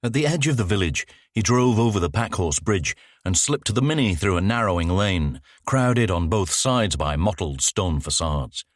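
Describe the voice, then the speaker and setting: A man reads a thriller aloud in a measured, descriptive storytelling manner. His voice is very deep but moves up and down a lot. The recording is dry and close. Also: expressive, no room sound. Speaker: audiobook narrator. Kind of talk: scripted narration.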